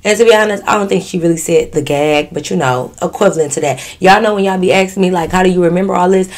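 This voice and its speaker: A woman vlogger telling a story in a casual storytime, blunt, profane and animated. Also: fairly low pitch, fast talker.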